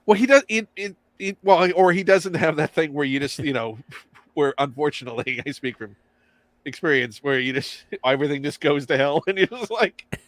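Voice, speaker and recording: A man rambling and joking in a live chat, voice sitting slightly high. The recording is dry and close to the mic. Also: moderate pace, no room sound. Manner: rambling, jokey, trails into restarts. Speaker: chat guest or co-host. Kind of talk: casual chat.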